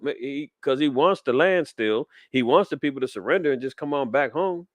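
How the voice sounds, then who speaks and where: A man's voice: fairly high pitch, expressive, a little fast, few pauses, no room sound. A man, preaching fiery commentary on the news in street slang. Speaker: podcast host.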